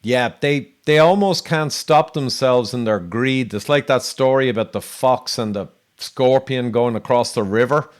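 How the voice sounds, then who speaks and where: A man hosting an interview who tells stories in an indignant, animated way. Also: mid-range voice, measured pace, hardly any pauses. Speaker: host. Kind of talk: conversational interview.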